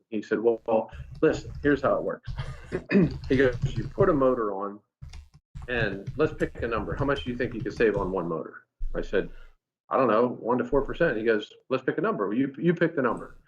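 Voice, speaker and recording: A male engineer telling an animated anecdote in a casual recorded talk, with frequent restarts. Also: mid-range voice. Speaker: engineer at a company experience center. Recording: dull lo-fi sound.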